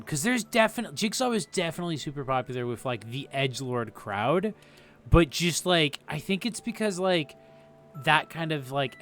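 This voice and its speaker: A man's voice: a little high, fairly bright tone. A young man rambling through casual live game commentary, swearing often and laughing easily. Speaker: streamer.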